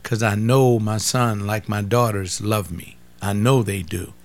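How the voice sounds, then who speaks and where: A man's voice: on the low side, fairly even intonation, a little slow. An older man giving an informal sermon, repeating phrases for emphasis and talking straight to his listeners. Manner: repetitive, emphatic, conversational preaching. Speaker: pastor.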